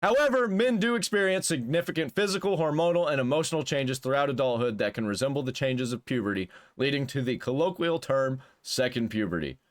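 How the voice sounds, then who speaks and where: A man's voice: medium pitch, lively intonation, a little fast, few pauses. A man hosting a reaction commentary, talking bluntly and crudely in a rambling, casual way with frequent restarts. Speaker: commentary host.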